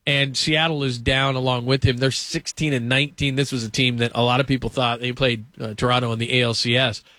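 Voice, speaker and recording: A man's voice: medium pitch, level tone, a little fast, bright, forceful tone, dry recording. A man hosting a sports talk show, chatting casually and quizzing his co-host.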